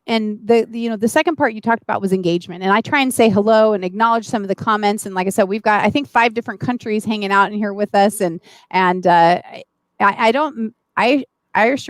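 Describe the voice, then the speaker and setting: A woman's voice: medium pitch, no room sound. A woman hosting a live-stream interview, talking eagerly and speaking straight to her viewers. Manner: enthusiastic, addresses viewers directly. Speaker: host.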